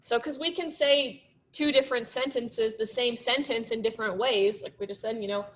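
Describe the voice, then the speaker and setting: A woman's voice: fairly high pitch, moderate pace, few pauses, fairly bright tone. A young woman giving a casual classroom presentation, chatty, with lots of "um" and "like" fillers. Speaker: student presenter.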